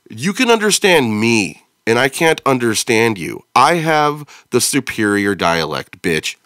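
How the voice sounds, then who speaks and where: A man's voice: medium pitch, big pitch swings, unhurried, fairly bright tone, dry recording, clean studio sound. An American man hosting a podcast, reacting to a video in blunt, profane, joking casual chat. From United States. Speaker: podcast host.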